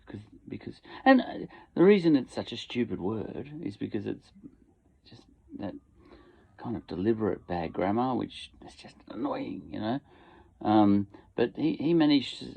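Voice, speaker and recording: A man's voice: on the low side, creaky. An Australian man rambling casually in a home shed, full of fillers and asides. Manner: meandering, many fillers and asides. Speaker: podcast host. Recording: tinny phone-like lo-fi sound.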